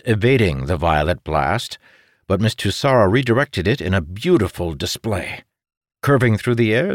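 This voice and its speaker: A man narrating a fantasy adventure audiobook with a steady, measured delivery. his voice sits low, and the recording is close and dry, with no room sound. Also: no room sound.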